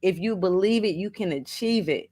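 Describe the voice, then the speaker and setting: A woman's voice: medium pitch, expressive, moderate pace, dark tone. A middle-aged woman hosting a casual motivational livestream, reading viewers' comments aloud, laughing often and calling listeners baby and honey. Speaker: livestream host.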